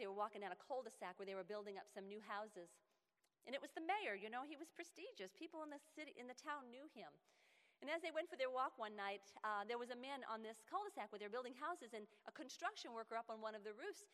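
A woman giving a sermon-style talk to other women, animated and often laughing, acting out quoted lines. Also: on the high side, long reverb tail. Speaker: speaker at a women's gathering.

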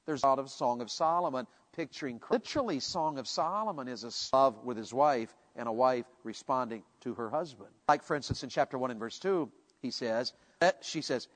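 A male pastor preaching a sermon, animated and jokey, now and then bursting into shouts. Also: mid-range voice, brisk, hardly any pauses. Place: large church hall. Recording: echoey church hall.

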